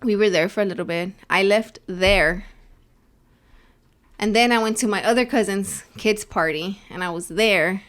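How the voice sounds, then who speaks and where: With a slightly bright, mid-range voice and a moderate pace, a young podcast co-host talks casually and rambles about her week, tossing in Spanish expressions.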